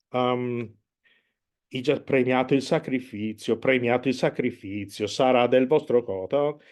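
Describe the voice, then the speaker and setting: Slow, hesitant man explaining opera. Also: mid-range voice, a little mellow. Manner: hesitant, many fillers, sings and hums musical phrases. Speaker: opera conductor teaching a masterclass. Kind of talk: masterclass explanation.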